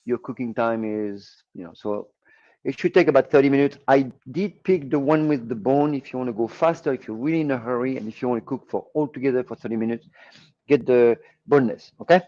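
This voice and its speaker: A man's voice: mid-range voice, brisk, highs cut off. A man with a French accent, a chef co-hosting a casual cooking chat, talking loosely with lots of fillers. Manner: chatty, explains steps plainly with many fillers. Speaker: chef and co-host.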